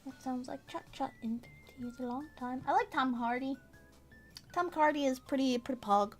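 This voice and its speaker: A woman's voice: high-pitched, normal speed, soft background music. A young woman streaming casual chat as she embroiders, bubbly and giggly, sometimes baby-talking. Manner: bubbly, giggly, baby-talks to her cat.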